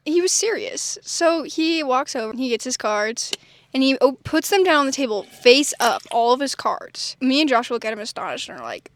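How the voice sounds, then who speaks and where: A young woman casually telling a family story and jumping way up in pitch when she quotes people. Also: a little fast, dry recording. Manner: animated, jumps high when quoting others.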